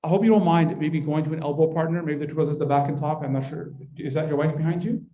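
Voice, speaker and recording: In a mosque hall, a man with a fairly high, steady voice leads a parenting workshop at a quick pace; the recording's highs are cut off. His interactive talk is conversational, and he keeps checking in by asking the audience "right?"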